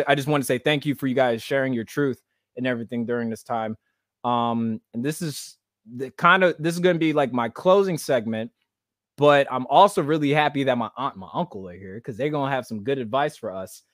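A young man hosting a podcast over a video call, talking in lively, slangy casual chat. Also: mid-range voice, no echo, clean studio sound. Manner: animated, slangy, hyped talk. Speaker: podcast host.

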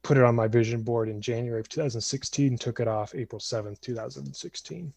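A man in his twenties telling a family story casually on a podcast, animated and acting out voices. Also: medium pitch, quick pace, creaky, dry recording. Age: 20s.

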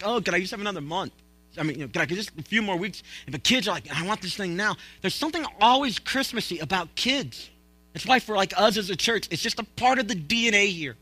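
A man's voice: sits high, pushed and bright, no room sound. A man preaching a conversational sermon as a pastor, joking and acting out quotes as he goes.

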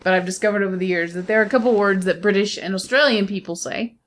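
A woman co-hosting a podcast in casual chat, talkative and animated and often laughing. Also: medium pitch, quick pace. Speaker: podcast co-host.

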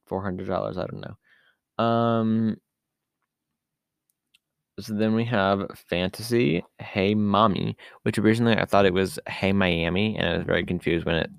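A man's voice: sits low, steady tone, normal speed, gravelly, no echo. A man hosting a podcast on his own, talking in a casual, rambling way with lots of fillers and asides. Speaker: podcast host. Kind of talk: casual solo podcast talk.

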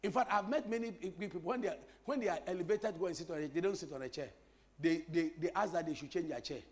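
A man's voice: high-pitched, quick pace. A male pastor preaching a sermon, repeating phrases and teasing the congregation with humor. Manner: animated preaching with repetition and crowd-teasing humor.

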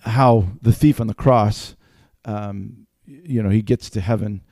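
Middle-aged father co-host, warm dark timbre, casual halting chat. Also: fairly low pitch, fairly even intonation, no echo, clean studio sound. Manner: halting, restarts while explaining. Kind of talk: casual family podcast chat.

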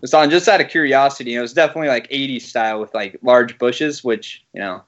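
A man's voice: mid-range voice, a little fast, a bit bright. A young man casually chatting on a podcast, crude and joking and swearing freely. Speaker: podcast co-host. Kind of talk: casual chat. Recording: slightly dull sound.

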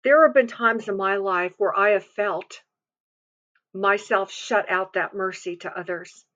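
A woman's voice: medium pitch, measured pace, fairly bright tone, dull audio. A woman giving an earnest, confiding devotional sermon, reading scripture and speaking from personal experience with frequent restarts.

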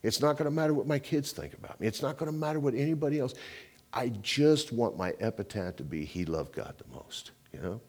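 With a mid-range, animated voice and a quick pace, this pastor delivers his sermon casually, sprinkling in "you know" and "man" as he moves from loud, emphatic moments to hushed, intense ones.

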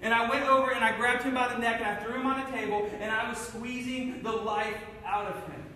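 Man from Cincinnati, personal testimony, intense storyteller, loud then hushed; lots of reverb in a large hall. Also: very high voice, steady tone, a little fast, slight background noise. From Cincinnati, USA. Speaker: speaker sharing his testimony. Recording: echoey hall, mic from far off.

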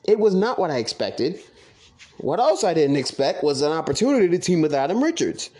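A young man telling stories from his own past in a casual, profane, excitable monologue. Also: fairly high pitch, fairly quick. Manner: profane, excitable, quotes others in animated voices. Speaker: podcast host recounting his online wrestling league career.

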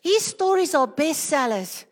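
A woman preaching a charismatic sermon, building into loud rhythmic declarations and speaking in tongues, at times out of breath. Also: sits high, very animated, measured pace, long reverb tail.

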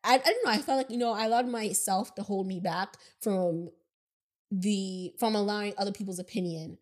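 A chatty woman co-hosting a relaxed podcast conversation. Her voice is a bit squeaky, and she laughs often and pokes fun at herself. Her pitch sits right in the middle. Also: moderate pace. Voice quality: somewhat squeaky voice. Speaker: podcast co-host. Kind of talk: casual podcast chat.

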